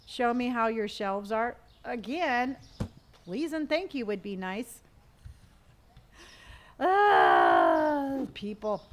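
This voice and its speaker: A woman's voice: fairly high pitch, huge pitch swings, drawn-out words, long pauses. Chatty woman streaming a game. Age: middle-aged. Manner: chatty, reads viewer comments aloud and hums to herself. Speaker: live-streamer. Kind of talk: casual live-stream chat while gaming. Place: at home.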